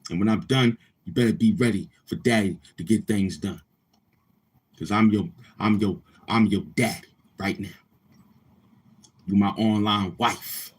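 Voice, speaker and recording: Fairly low in pitch with a breathy edge, a male livestream host speaks at a measured pace. His casual chat with viewers is boastful, crude and repetitive.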